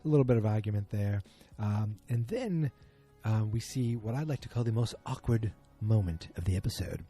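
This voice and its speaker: A man's voice: fairly low pitch, expressive, normal speed, warm tone, breathy edge, soft background music. A man hosting a podcast, recapping a TV episode in a casual, rambling way, full of ums and self-corrections. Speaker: podcast host. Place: at home beside a muted streaming screen.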